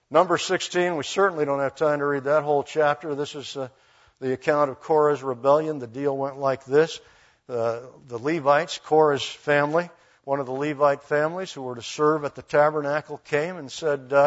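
A man preaching a sermon, acting out Bible figures in voiced quotes and dropping folksy asides. His voice sits a little high. The recording sounds dull and lo-fi. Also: moderate pace. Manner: animated storytelling with voiced quotes.

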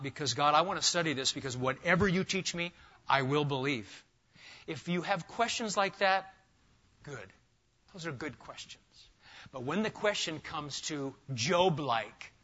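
A man preaching an expository sermon to a congregation, animated and emphatic, firing rhetorical questions and talking straight to his listeners. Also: on the high side, lo-fi sound. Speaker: pastor. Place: church sanctuary with a live congregation.

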